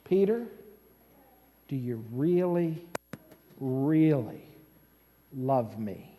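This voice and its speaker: Brief: man acting out a gentle, unhurried Jesus in a sermon retelling, hushed and slow. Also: big-room sound. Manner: soft, slow, low-voiced.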